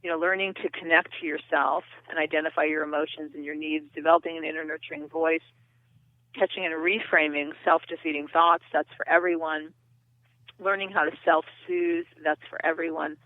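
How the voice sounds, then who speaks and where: A woman's voice: low voice, steady tone, a little fast, no room sound. A woman therapist and author, explaining earnestly as a guest in a phone interview. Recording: tinny dry phone line.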